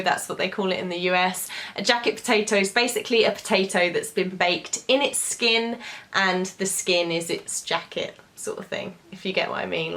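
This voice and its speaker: A woman's voice: mid-range voice, a bit bright. A young woman, chatting casually to camera as she patiently explains words. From England. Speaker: YouTuber.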